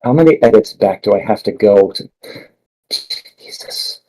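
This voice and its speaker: A man's voice: lowish voice, animated, fast talker, dark tone, a little hiss or hum, poor audio. A young man on a voice call during a game, chatting casually and swearing at his own mistakes. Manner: frustrated, swearing over mistakes. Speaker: co-player on a voice call. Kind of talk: casual gaming chat.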